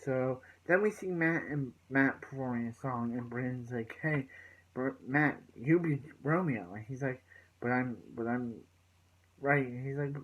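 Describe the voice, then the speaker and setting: A man's voice: mid-range voice, measured pace, highs cut off. A man giving a loose, rambling recap of a TV episode as a reviewer, with lots of "so yeah" fillers as he paraphrases what the characters say. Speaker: TV show reviewer.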